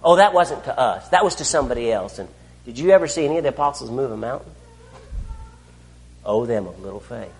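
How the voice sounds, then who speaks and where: A man preaching a sermon, asking his listeners rhetorical questions and swinging between loud declarations and hushed asides. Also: mid-range voice, animated, brisk, long pauses, long reverb tail. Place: church.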